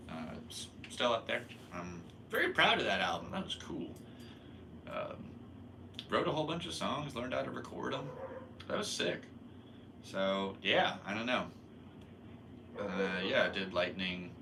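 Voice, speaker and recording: A man's voice: lowish voice, big pitch swings, unhurried, vocal fry, long pauses, noisy background. A young man hosting a podcast, telling a long story in a rambling, laid-back way and laughing at himself. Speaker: podcast host. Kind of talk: casual storytelling monologue.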